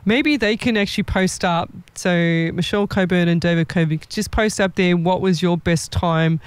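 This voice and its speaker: A woman psychic medium tells stories in a casual chat, putting on the voices of the people she describes. Her voice is smooth and clear. The sound is dry and close, with almost no room in it. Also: lowish voice, normal speed, dry recording. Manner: lively storyteller acting out quoted people.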